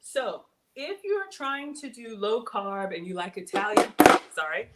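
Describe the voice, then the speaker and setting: A woman's voice: medium pitch, sing-song, a little slow, heavy background noise. A middle-aged woman, hosting a live cooking stream and chatting casually as she reads out viewer comments.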